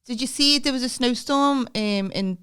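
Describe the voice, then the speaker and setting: A woman's voice: fairly high pitch, a bit bright, clean tone. A woman co-hosting a podcast, chatty and exclaiming in casual banter. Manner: chatty, exclaiming, quick to laugh. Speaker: podcast co-host. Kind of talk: casual chat.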